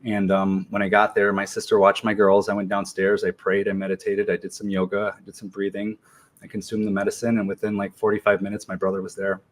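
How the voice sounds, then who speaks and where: Man, 40s, podcast guest: low, even delivery, laid-back and slangy, full of ums. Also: fast. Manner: relaxed, slangy, many ums and restarts. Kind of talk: casual storytelling interview.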